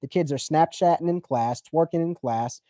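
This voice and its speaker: Guy on a livestream, kinda high voice, swears a lot, dry close mic. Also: normal speed, no room sound. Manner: profane, animated storytelling with put-on quotes. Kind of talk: casual livestream chat.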